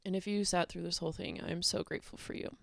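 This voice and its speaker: A woman vlogger talking in a candid, rambling personal rant, swearing freely and filling pauses with "like". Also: fairly low pitch, big pitch swings, vocal fry, a bit bright, no echo, clean studio sound.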